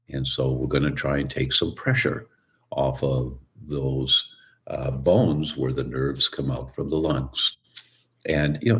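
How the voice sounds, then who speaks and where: A man telling stories as a guest in an interview, relaxed and acting out the voices of people he quotes. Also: very deep voice. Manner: relaxed storyteller who acts out quoted voices. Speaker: guest, chiropractor. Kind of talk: storytelling interview answer.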